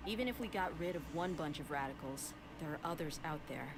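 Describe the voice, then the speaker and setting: A woman's voice: sits low, lively intonation, a little fast, slight background noise. An actress playing a tough, blunt female mercenary in a game, talking in an easygoing, direct way.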